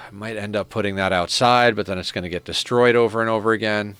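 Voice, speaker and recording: In a dry recording, a man with a fairly low, smooth, slightly bright voice chats casually at normal speed and fairly even intonation while streaming a strategy game. He tells a rambling story at his desk microphone and laughs at it himself.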